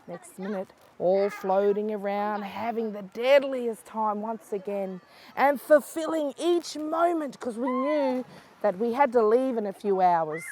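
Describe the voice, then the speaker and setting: Lively older woman telling a story. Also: a little high, measured pace. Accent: Aboriginal Australian English, South Australia. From South Australia. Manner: lively, swings between hushed and excited calls. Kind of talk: oral storytelling for children.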